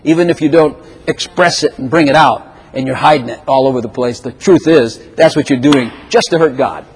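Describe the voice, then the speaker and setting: An older man preaching a sermon, quoting scripture and swinging between loud, excited lines and quiet, intimate ones. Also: fairly quick, in a large hall, noisy background. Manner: animated preaching, quoting scripture with sudden swings in pitch and volume. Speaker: pastor.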